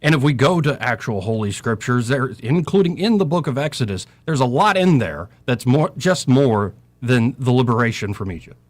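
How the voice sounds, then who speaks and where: Expressive and medium-pitched, this middle-aged man speaks at normal speed with hardly any pauses. His talk radio commentary is impassioned and sermon-like, quoting scripture while his voice moves up and down.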